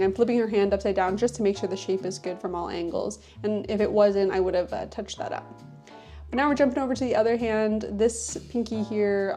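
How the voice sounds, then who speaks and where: A woman's voice: medium pitch, mellow. A woman nail technician narrating a tutorial voice-over in a chatty, casual way, with lots of fillers.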